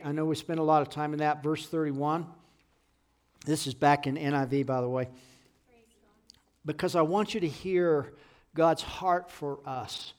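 A middle-aged man preaching a sermon, earnest and conversational, rising into loud fervent pleading when he quotes scripture. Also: fairly high pitch. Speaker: pastor.

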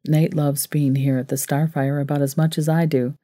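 A woman narrator voicing a steady, comforting grown man who speaks calmly and reassuringly. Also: sits low, moderate pace, no room sound, clean studio sound, lightly acted. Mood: gentle. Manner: calm, reassuring.

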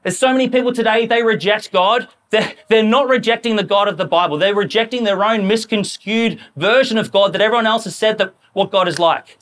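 A man preaching a sermon in a church, talking in a lively, conversational way and acting out quoted voices. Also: sits high.

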